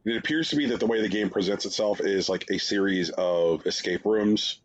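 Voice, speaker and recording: Casually reviewing games on a podcast, a male co-host with a lowish voice and normal speed wanders through drawn-out sarcastic anecdotes crammed with fillers. The audio comes across dull and lo-fi.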